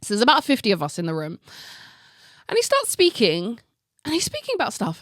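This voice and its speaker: Woman, podcast host, lively swooping voice, dry close sound, chatty storytelling. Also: on the high side, fairly quick, pauses often, dry recording. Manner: animated, heavy use of "like", acts out her own reactions; swears casually. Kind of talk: casual storytelling monologue.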